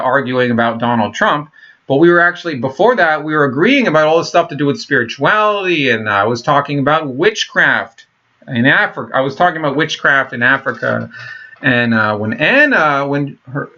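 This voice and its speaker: A man's voice: mid-range voice, bright, forceful tone. A man vlogging in a casual monologue, rambling and swearing, with many fillers and restarts. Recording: dull lo-fi recording.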